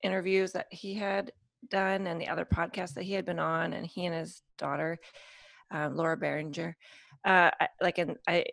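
Young woman guest on a podcast, earnest and halting, gravelly fry, dry close sound. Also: fairly low pitch, level tone, a bit bright, dry recording. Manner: earnest, halting, many restarts and fillers. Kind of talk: casual chat.

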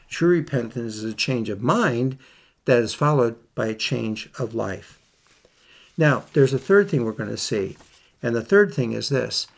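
A man's voice: mid-range voice, vocal fry. A man preaching a sermon, reading scripture aloud and repeating key phrases for emphasis. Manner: reads scripture in King James wording.

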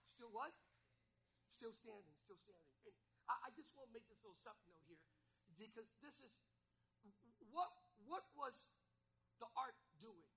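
Brief: male preacher, sharp bright tone, repetitive and emphatic sermon delivery. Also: high-pitched, gravelly, poor audio. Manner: rhetorical questions, repetition, emphatic.

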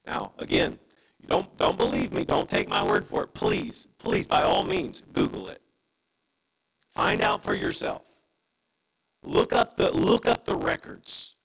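A man's voice: huge pitch swings, measured pace, vocal fry, fairly bright tone, breathy edge, low-quality recording. A man preaching a sermon as pastor, impassioned and emphatic. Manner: impassioned preaching with wide pitch swings.

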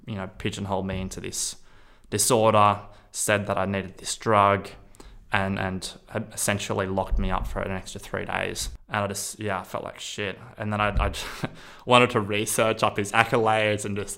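Young man, low and even-toned, smooth voice; casual, rambling storytelling, candid and profane. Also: moderate pace. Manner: rambling, candid, with frequent fillers and swearing. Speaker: storyteller recounting a personal experience.

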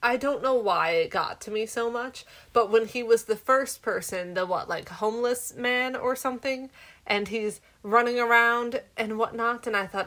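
A woman's voice: on the high side, normal speed, a bit bright. A woman co-hosting a casual movie chat, giggly and easily amused. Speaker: podcast co-host.

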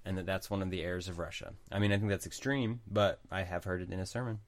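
A man with a very low voice co-hosts a casual podcast, laying out points one after another. The sound is close and dry, with no room echo. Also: quick pace. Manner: explanatory, recapping points in a steady list. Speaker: podcast co-host. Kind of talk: casual chat.

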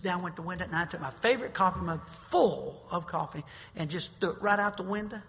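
A middle-aged male pastor preaching a sermon, moving between folksy storytelling and forceful exhortation. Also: sits high, fast talker, slight background noise. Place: church sanctuary. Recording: long hall reverb.

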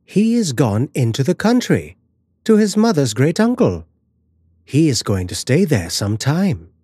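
A man's voice: fairly high pitch, very animated, unhurried, dark tone, slightly rough, no echo, clean studio sound, pitched above the performer's own voice, heavily acted. A man voicing a cold, scheming middle-aged stepmother in a storybook reading, clipped and falsely breezy. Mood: evasive.

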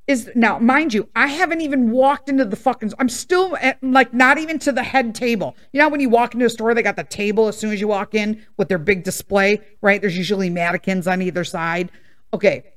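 A middle-aged woman hosts a casual podcast, telling a story from her own life. She talks bluntly and swears freely. Her voice sits a little high and swings widely as she acts out what everyone said. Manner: profane, blunt, animated ranting with acted-out quotes. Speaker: podcast host.

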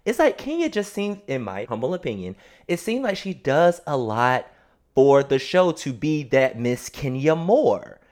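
A man's voice: a little high, sing-song, unhurried, a little mellow. A man co-hosting a casual podcast, recapping a reality-TV episode. His opinions are blunt and sassy, and he sounds sure of himself. He talks freely, like a friend gossiping. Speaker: podcast co-host.

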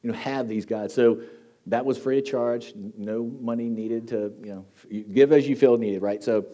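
Casual church preacher, man, mellow warm tone, chatty and joking. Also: mid-range voice, steady tone, normal speed, muffled recording. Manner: conversational, joking, frequent fillers and restarts. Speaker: teaching team preacher. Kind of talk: casual sermon. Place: church hall with congregation.

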